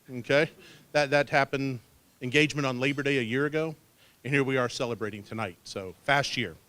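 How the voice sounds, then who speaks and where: A man's voice: medium pitch, a bit bright, clean tone, no room sound. Folksy father of the bride toasting. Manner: folksy, keeps tagging lines with "okay?". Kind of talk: wedding toast speech. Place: wedding reception hall. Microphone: handheld microphone.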